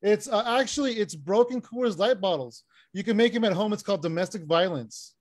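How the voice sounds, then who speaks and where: A man performing a stand-up set over a video call, deadpan one-liners with frequent "uh" fillers. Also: high-pitched, a little fast. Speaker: stand-up comic.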